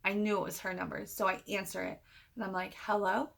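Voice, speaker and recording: A woman's voice: mid-range voice, fast talker, gravelly. A woman vlogger casually telling a personal story to camera and acting out the other people's lines as she goes. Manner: animated retelling, quoting others.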